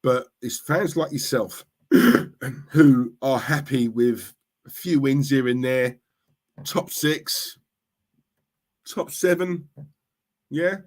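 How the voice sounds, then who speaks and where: This middle-aged man streams a rant about football, replying to chat in a mid-range, darkish voice that moves slowly with frequent pauses. He's fired-up yet repetitive, asking "yeah? right?" over and over.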